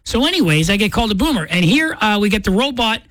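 A woman's voice: medium pitch, sing-song, fast, no echo. A woman hosting a morning radio show, telling a story in a chatty, playful way. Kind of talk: casual radio chat. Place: radio studio.

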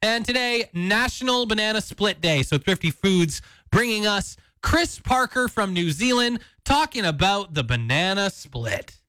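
A high, bright male morning radio host chats upbeat between songs. His voice is close and dry in the studio. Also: very animated, a little slow, few pauses, clean tone, dry recording. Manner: chatty, upbeat, laughs between lines. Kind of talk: radio show links. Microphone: close studio mic.

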